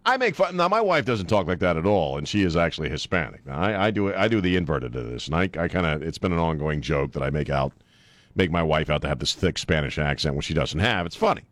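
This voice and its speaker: A sarcastic man hosting talk radio, his pitch bouncing all over as he mocks and rants. The sound is dry and close, with no room around it. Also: quick pace, no echo. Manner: sarcastic, mocking, animated. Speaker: radio talk show host.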